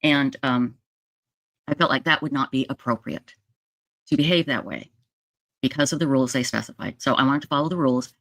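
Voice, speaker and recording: A woman recounts events straight to her viewers in a casual, animated retelling. Her pitch leaps up when she stresses a point, and she keeps checking in with a quick "okay?". The sound is dry and close, with no room echo. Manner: addresses viewers directly with frequent "okay?". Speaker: true crime video commentator.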